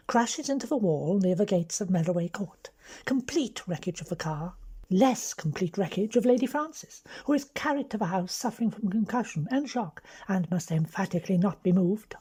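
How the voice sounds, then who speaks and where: A woman with an English accent voicing a bold young aristocratic woman who lays out a scheme in a brisk, bossy way. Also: mid-range voice, lively intonation, warm tone, husky. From London.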